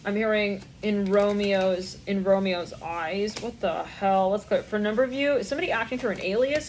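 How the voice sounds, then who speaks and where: A woman's voice: medium pitch, brisk, few pauses, a little mellow, a little hiss or hum. A young woman giving a channeled tarot reading, rambling in a stream of consciousness, swearing and laughing often. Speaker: tarot reader.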